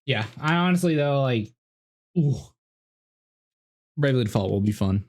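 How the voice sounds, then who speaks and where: Animated Canadian man streaming a game. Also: medium pitch, normal speed. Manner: excitable, animated. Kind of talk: casual gameplay commentary.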